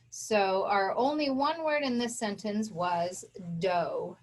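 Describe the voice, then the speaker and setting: A woman's voice: fairly high pitch, very animated, a little slow, few pauses. A woman teaching a children's phonics lesson, patiently sounding out words and spelling them letter by letter.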